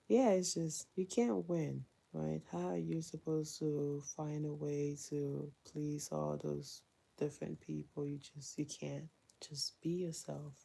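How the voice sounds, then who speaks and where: A mother vlogs casually while doing housework, candid and chatty, often breaking into laughter. Her voice sits low and gravelly. It has a dark, husky tone. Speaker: mother vlogger.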